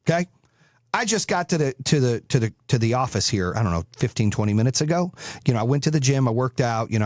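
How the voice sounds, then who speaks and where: A man's voice: medium pitch, a little mellow, dry recording. A middle-aged man hosting a podcast, giving a blunt, profane motivational monologue from his office studio. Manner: blunt, swearing, emphatic and repetitive. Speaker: podcast host and business coach.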